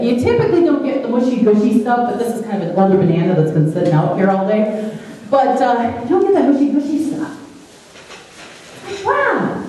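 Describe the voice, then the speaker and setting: A woman giving a playful, animated talk to an audience at a business meeting. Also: a little high, moderate pace, long pauses, slight background noise. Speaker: chamber of commerce speaker. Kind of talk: presentation to an audience. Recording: echoey room, mic far off.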